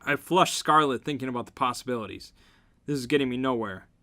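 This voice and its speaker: A man's voice: mid-range voice, quick pace. A man giving a comedic dramatic reading, narrating and breaking in with sarcastic, mocking asides. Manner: sarcastic, jumps to loud mocking outbursts. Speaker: reader, channel host.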